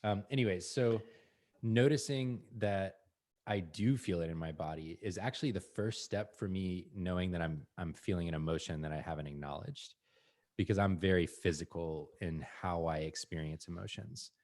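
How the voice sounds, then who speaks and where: Earnest low-voiced man on a podcast. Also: moderate pace, darkish tone. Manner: earnest, acts out his own inner voice. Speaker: podcast co-host. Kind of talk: casual conversation.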